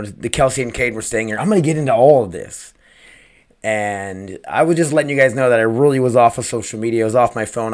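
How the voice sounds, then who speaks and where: Rambling, profane male podcast host. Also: medium pitch. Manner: rambling and profane, full of "man" and "dude"; earnest and upbeat. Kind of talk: casual solo podcast talk.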